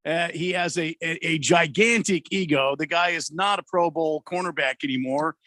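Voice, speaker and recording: A man co-hosting a sports radio show, giving opinions in a halting, casual way. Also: on the high side, pushed and bright, no echo, studio quality. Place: radio studio.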